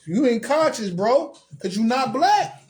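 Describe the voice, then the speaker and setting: A man in a casual talk, chiming in and reading aloud deliberately. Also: very high-pitched, sing-song, darkish tone. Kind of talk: casual conversation.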